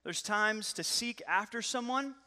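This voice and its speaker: A man in his thirties preaching a sermon in a fairly high, bright voice. He keeps it lively and conversational, with jokes along the way. His voice rings out in a long reverb that fills the hall. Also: unhurried. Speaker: pastor.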